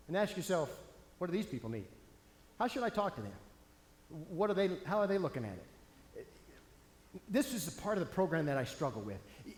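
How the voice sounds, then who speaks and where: A man giving a comedic stage seminar as a speaker, animated, punchy and playful. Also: high-pitched, slight background noise. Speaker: motivational speaker. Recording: echoey hall, faint ambience.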